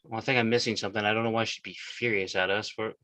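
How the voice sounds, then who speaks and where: A man's voice: on the low side, steady tone, very fast, pushed and bright, no room sound. A man who works as a voice actor, chatting casually on a video call and stumbling a little as he speaks. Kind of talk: casual group chat.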